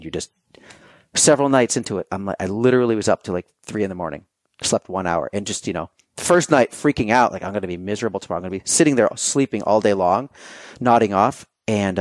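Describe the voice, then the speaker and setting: Male podcast guest, low voice, dry sound, loose animated storyteller. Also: no echo. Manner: animated storytelling, acting out quoted thoughts; loose and conversational, many fillers. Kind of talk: casual conversation.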